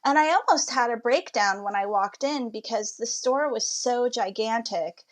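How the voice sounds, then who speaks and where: A woman's voice: fairly high pitch, moderate pace. A woman, a guest on an interview podcast, telling her story in a chatty, reflective way. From United States.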